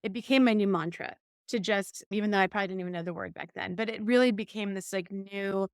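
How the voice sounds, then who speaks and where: A podcast co-host tells a personal story in casual conversation, animatedly acting out the things she said back then. Her medium-pitched voice moves fast with a clean tone, recorded in a clean studio with no echo.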